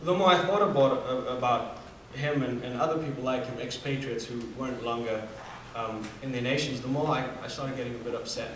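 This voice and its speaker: A man's voice: mid-range voice, a little fast, hardly any pauses, a bit bright, slight background noise. Young guy from namibia telling a story on stage, super echoey, mic far away. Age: 20s. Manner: earnest storytelling with fillers and restarts. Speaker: student speaker. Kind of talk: personal story talk.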